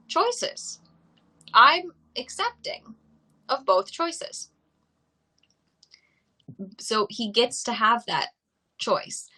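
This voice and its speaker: Woman, dog trainer, live-stream Q&A, bright voice, patient and repetitive explainer. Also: mid-range voice, low-quality recording. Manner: explains by repeating simple examples. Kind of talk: live-streamed talk answering viewer questions.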